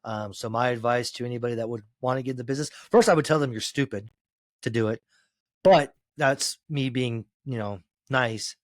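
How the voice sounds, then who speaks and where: A man, a former pro wrestler, telling road stories in a casual podcast chat, cursing freely and rambling, climbing loud and high as he gets worked up. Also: brisk, dry recording. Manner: profane, rambling storyteller, gets loud and high when excited.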